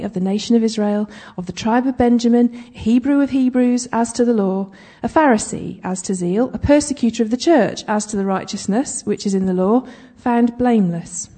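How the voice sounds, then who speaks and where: A woman's voice: on the high side, mellow, breathy edge. A woman giving conversational Bible teaching, chatty, with humorous asides and frequent check-ins with her listeners.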